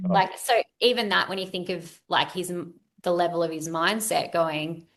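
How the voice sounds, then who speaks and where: Woman, low voice, gravelly, casual interview guest, animated. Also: normal speed, hardly any pauses. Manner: animated, quotes inner thoughts. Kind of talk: casual chat.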